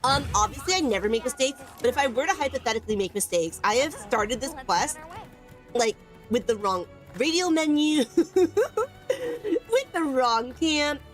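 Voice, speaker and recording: A woman's voice: a little high, animated, a little fast, faint music behind. A young woman giving bubbly, self-teasing live gameplay commentary from home as a streamer. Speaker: gaming streamer.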